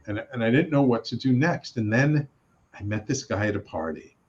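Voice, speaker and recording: A middle-aged man, a radio network producer and host, telling his story in a casual interview, animated and acting out the voices he quotes, with many restarts. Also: medium pitch, moderate pace. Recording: slightly dull lo-fi sound.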